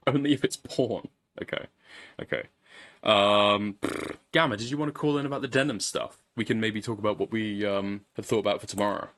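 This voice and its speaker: A man's voice: lowish voice, steady tone, moderate pace, fairly bright tone. A man casually commenting on a live stream, swearing and rambling as he repeats himself.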